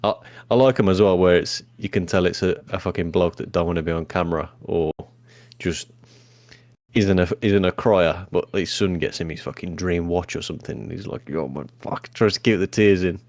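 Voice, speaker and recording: A man's voice: low-pitched, steady tone, fairly quick, darkish tone, no room sound. A man from the UK, co-hosting a podcast in blunt, casual chat with heavy swearing. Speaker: podcast co-host.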